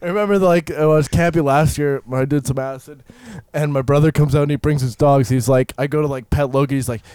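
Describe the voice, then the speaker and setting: Man, podcast host, high voice, casual chat, rambling and laughing. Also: fairly even intonation, fast talker, darkish tone, smooth, dry recording. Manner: rambling storytelling, laughing often.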